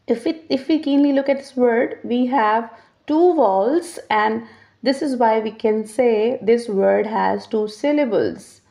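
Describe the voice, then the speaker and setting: A woman teaching English pronunciation in a patient lesson, repeating each example word slowly and deliberately. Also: a little high, mellow. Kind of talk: slow explanatory lesson.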